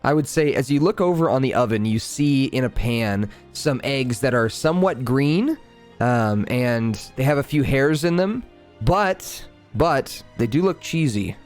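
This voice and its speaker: A man's voice: medium pitch, measured pace, faint music behind. Laid-back man running a tabletop game. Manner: relaxed, chatty, laughs easily. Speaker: game master.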